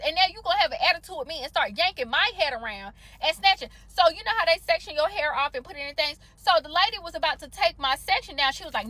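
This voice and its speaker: A woman telling an animated, slangy, exasperated story about a salon visit, in a storytime vlog. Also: sits high, fast, hardly any pauses, no echo.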